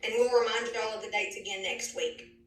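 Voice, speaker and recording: A woman's voice: on the high side, fairly even intonation, fast talker, a bit bright. A woman, a therapist leading an online group session in an encouraging, coaxing way. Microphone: video call. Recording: roomy, distant, faint hiss.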